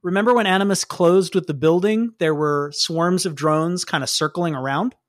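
A game master narrating a tabletop role-playing game in a lively, explanatory way. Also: mid-range voice, normal speed, no echo, clean studio sound. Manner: lively, explanatory, laughs often.

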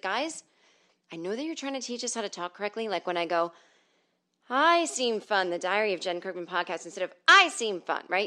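A woman's voice: mid-range voice, a bit bright. A middle-aged woman from the northern United States hosting a podcast from home, telling stories in a sarcastic, profane comedic monologue. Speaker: podcast host.

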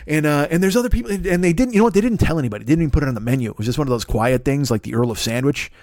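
A man hosting a comedy podcast, riffing in an excitable, profane, absurdist monologue. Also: a little high, racing, dry recording, studio quality. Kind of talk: rambling improvised comic monologue.

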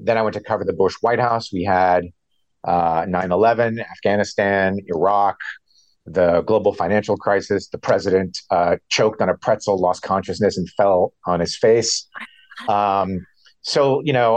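Low-voiced middle-aged man, dry close sound. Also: fairly even intonation, dry recording, poor audio. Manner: measured, explanatory, frequent restarts and ums. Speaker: veteran White House reporter. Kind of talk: conversational interview answers.

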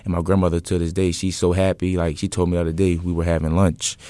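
Deep-voiced young man, earnest and relaxed. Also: fast talker, no room sound. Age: 20s. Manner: relaxed and earnest, lots of fillers and restarts. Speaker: interview guest, entrepreneur. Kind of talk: casual interview storytelling.

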